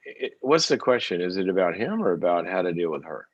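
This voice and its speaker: A man hosting a call-in advice show, talking in an animated, playful way and laughing easily. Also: low-pitched, fairly quick, breathy edge, dry recording, dull audio. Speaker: host.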